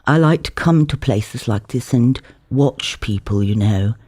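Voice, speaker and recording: Guy doing a smug buttoned-up dude, kinda low and confiding. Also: measured pace, darkish tone, breathy edge. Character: smug, buttoned-up man chatting up a girl.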